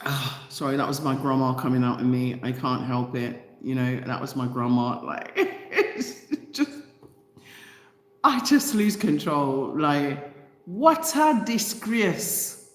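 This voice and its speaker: A female channel host reads a news item aloud in a very deep voice, her intonation lively but her pace measured. She follows it with casual, passionate, indignant commentary packed with rhetorical questions, recorded in an echoey room with a long reverb.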